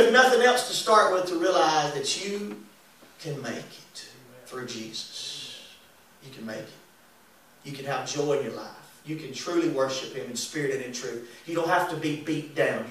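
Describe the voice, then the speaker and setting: A man, preaching and singing as an evangelist, folksy and animated with laughing asides. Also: a little high. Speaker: evangelist and singer. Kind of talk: lively sermon with congregation call and response. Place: church sanctuary. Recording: echoey church recorded from a distance.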